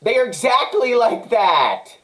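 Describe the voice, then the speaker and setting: A Canadian man talks in an angry personal monologue. His voice sits high, and he keeps circling back to the same points. He swears often, sounding agitated throughout. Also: sing-song, a little slow, a bit bright, rough recording. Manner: agitated, repetitive, profane. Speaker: vlogger.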